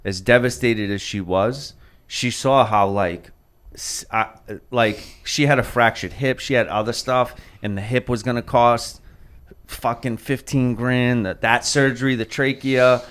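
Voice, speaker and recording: A man's voice: medium pitch, steady tone, unhurried, a bit bright. A man in his thirties, a podcast host, telling a rambling heartfelt story in casual chat and swearing freely.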